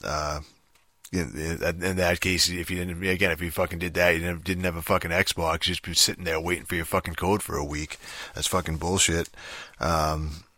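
A man's voice: low-pitched, level tone, normal speed, pushed and bright, dry recording. A man ranting casually about a game release, rambling and frustrated, swearing constantly. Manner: profane, rambling, frustrated, heavy swearing and fillers. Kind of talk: casual rant to camera.

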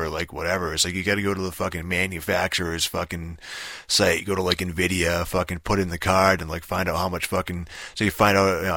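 A man's voice: low voice, sharp tone, no echo. A young man in a rambling casual rant, swearing constantly and filling gaps with "like" and "you know.". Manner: rambling, profane, many fillers.

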